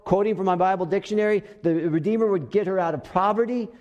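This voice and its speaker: A middle-aged man preaching a sermon in a church, telling stories with animated swings between loud and soft delivery. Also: sits high, quick pace, big-room sound, lo-fi sound. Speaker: pastor. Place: church sanctuary.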